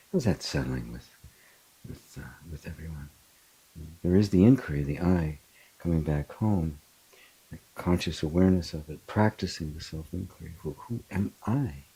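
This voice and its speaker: A middle-aged man, a spiritual teacher, talking reflectively in an open forum and telling stories with animated bursts. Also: sits low, measured pace, pauses often, slightly rough, rough recording. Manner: reflective, animated storytelling with laughs. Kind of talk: open forum talk on self-inquiry.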